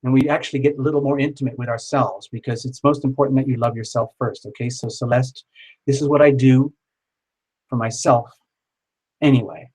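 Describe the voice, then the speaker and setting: A man's voice: mid-range voice, fairly even intonation, fairly quick, darkish tone, husky, rough recording. Guy doing a live tarot stream, chatty and reassuring, talks right to the viewers.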